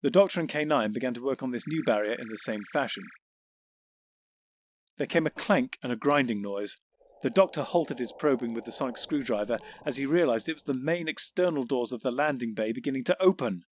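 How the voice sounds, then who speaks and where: A man reading audiobook narration in a measured, descriptive way. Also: mid-range voice. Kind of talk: scripted narration.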